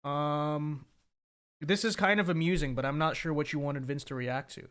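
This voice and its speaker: A man's voice: on the high side, steady tone, moderate pace, a bit bright. Stammering man hosting a livestream. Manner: stammering repeats, frequent tag "okay?". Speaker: livestream host. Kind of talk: casual livestream chat reading super chats.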